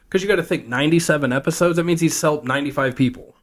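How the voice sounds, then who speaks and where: His voice runs on the high side and races along with hardly any pauses as this podcast co-host recounts a TV plot at length. In casual chat, the rambling storyteller acts out the characters' quotes along the way.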